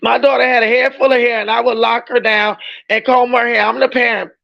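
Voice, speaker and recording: A woman's voice: fairly high pitch, little pitch movement, a little fast, creaky, dull audio. A woman hosting a casual livestream reaction chat, talking in an emphatic, outspoken way and often raising her voice.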